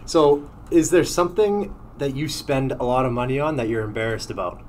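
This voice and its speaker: A man's voice: medium pitch, normal speed, a little mellow, slight background noise. A man co-hosting a podcast, who used to play hockey, asking questions in an easygoing, chatty way and laughing often. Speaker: podcast co-host, former hockey player. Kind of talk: casual podcast interview.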